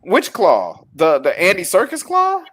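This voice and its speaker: A man's voice: high voice, wildly swooping pitch, measured pace, a bit bright. Chatty man hosting a film chat. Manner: chatty, teasing, rambling asides. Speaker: podcast co-host. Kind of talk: casual chat about films and shows.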